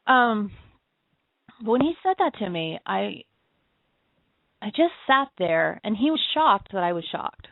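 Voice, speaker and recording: A woman's voice: mid-range voice, sing-song, a little slow, creaky, pauses often, dry recording. A woman co-hosting a talk show, telling personal stories in an easy, musing way and laughing often. Her voice comes through a thin, phone-like line. The sound is close and dry, with no room around it. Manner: reflective storytelling with frequent laughs. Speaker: co-host of an internet radio show. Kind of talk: casual chat. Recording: tinny phone-line audio.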